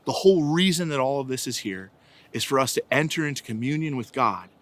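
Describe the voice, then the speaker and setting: A man's voice: medium pitch, animated, brisk. A man, a church evangelization director, giving an informal faith reflection that opens with a family story, talking casually with many asides. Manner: conversational, anecdotal, frequent "right?" and "like".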